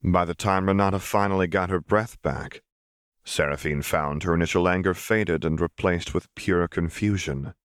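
A man narrating a story as an audiobook reader in a steady, even way. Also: deep voice, moderate pace, clean tone, dry recording, clean studio sound. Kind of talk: scripted narration.

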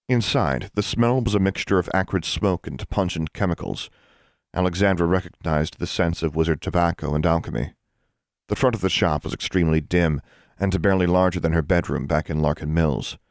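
Male audiobook narrator, very low voice, even and measured, dry booth sound. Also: dry recording. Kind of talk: scripted narration.

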